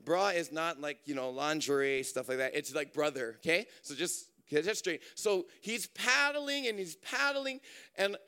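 A man from Hawaii, preaching through a lively personal story with many fillers. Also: fairly high pitch, moderate pace, clean tone. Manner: animated, chatty, many fillers and restarts. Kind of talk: storytelling sermon.

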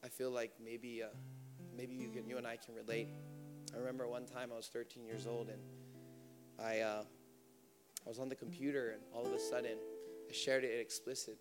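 A man's voice: mid-range voice, little pitch movement, a little fast, long pauses, over music. A young man preaching a sermon at a church service, with impassioned, rising emotional appeals.

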